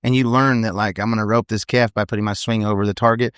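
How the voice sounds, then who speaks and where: A man in his thirties, a professional team roper, telling stories in a casual, animated podcast interview and often tacking on "you know what I mean". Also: on the low side, quick pace, clear, resonant tone, no echo, studio quality.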